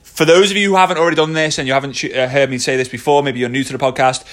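A man's voice: medium pitch, steady tone, racing, fairly bright tone. A man co-hosting a casual podcast, chatty and laughing, with many fillers and restarts, speaking close to a phone mic. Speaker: podcast co-host. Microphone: phone held close.

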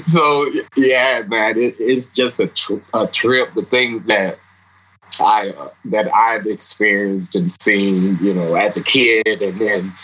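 A man's voice: on the low side, slow, slight background noise, rough recording. A man, a guest musician, telling stories in a casual interview, laughing often and acting out what people said. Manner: animated, laughs often, acts out quotes.

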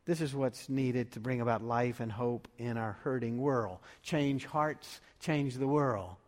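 A man delivering a sermon as pastor, measured and full of rhetorical questions. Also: mid-range voice, darkish tone. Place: church sanctuary. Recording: long reverb of a large room.

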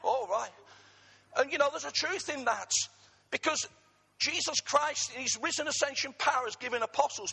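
Middle-aged english pastor preaching, high bright voice, raspy, cracks jokes to the church. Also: male voice, in a large hall. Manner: preaching with humorous asides to the congregation. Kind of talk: sermon.

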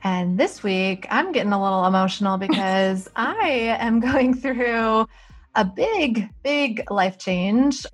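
A woman's voice: fairly high pitch, lively intonation, takes it slowly, soft background music. A woman co-hosting a podcast in casual chat, candid and openly emotional. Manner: candid, openly emotional, laughs while talking. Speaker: podcast co-host.

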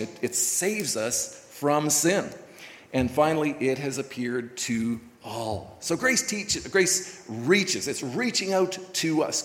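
Male pastor, casual folksy delivery, reverberant hall sound. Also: on the high side. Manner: folksy, conversational preaching with many fillers. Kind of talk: sermon. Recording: echoey hall recording.

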